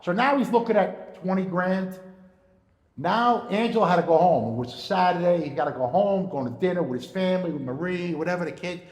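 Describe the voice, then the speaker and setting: A man telling stories in casual chat, animated, acting out the voices of the people in his stories. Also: high-pitched, a little fast. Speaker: storyteller. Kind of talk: casual storytelling. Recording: echoey room with long reverb.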